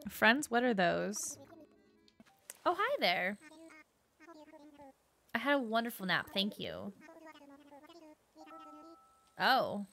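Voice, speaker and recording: A woman's voice: medium pitch, lively intonation, slow pace, long pauses. A young woman giving casual gameplay commentary, bubbly and gushing, with lots of filler words. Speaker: gaming YouTuber. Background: soft game music.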